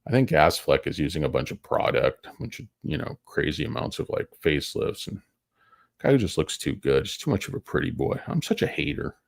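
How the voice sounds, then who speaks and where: A man's voice: extremely low pitch, big pitch swings, a little fast, vocal fry, no echo. A tired man hosting a stock market show, rambling through casual, profane, joking commentary that wanders off topic.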